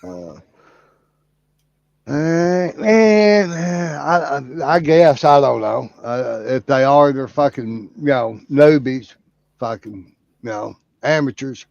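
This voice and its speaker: Telling crude jokes and swearing constantly, a man hosts his channel in a slow, drawling ramble. His mid-range voice is gravelly, expressive, and a little mellow, recorded dry with the highs cut off.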